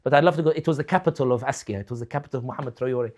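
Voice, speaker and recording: Racing along in a medium-pitched, darkish voice, a likely young adult man delivers impassioned political commentary. He's fervent and rhetorical, stacking up his points with repeated questions.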